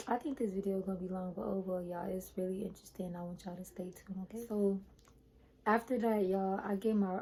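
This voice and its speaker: A young woman vlogger chatting casually to her viewers, retelling a personal story in an animated way. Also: mid-range voice, slight background noise, rough recording.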